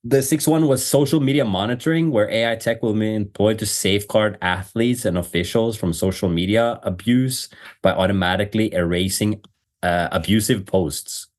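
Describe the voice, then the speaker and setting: Low-ish guy podcast host, rambly casual chat, lots of uhs. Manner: loose, rambling, frequent fillers, quick laughs.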